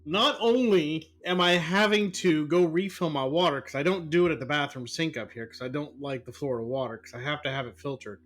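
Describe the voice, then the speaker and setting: A man's voice: on the high side, fairly quick, hardly any pauses, a bit bright, soft background music. A man chatting casually on a live stream at home, exclaiming and repeating words.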